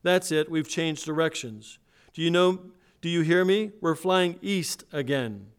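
A man's voice: a little high, unhurried, clean tone, pitched above the performer's own voice. A man preacher reading aloud the words of a frightened male airline passenger on an emergency call, in an urgent, pressed way. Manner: urgent, pressed, raised read-aloud delivery.

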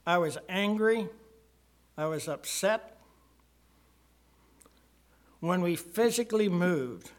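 A man's voice: sits high, fairly bright tone. An older man telling his personal testimony to a church congregation, earnest and rising to emphasis at key moments. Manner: slow, earnest storytelling with swells of emphasis. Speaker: church member giving testimony.

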